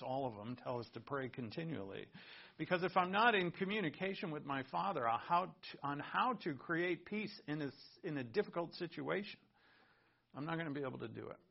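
A man's voice: fairly high pitch, gravelly. A man preaching a sermon, reading scripture aloud and explaining it in an earnest teaching tone. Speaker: pastor. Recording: muffled lo-fi recording.

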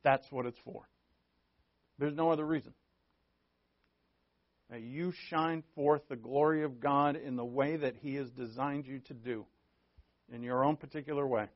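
A man's voice: medium pitch, steady tone, unhurried, pauses often. A man preaching a sermon as pastor, talking in a conversational way and joking with the congregation. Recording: dull lo-fi recording.

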